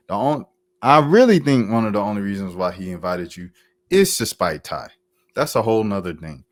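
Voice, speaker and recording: A man's voice: fairly low pitch, animated, normal speed, no echo. A young man giving casual commentary on his channel, slangy, emphatic and repetitive. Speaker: YouTube commentator.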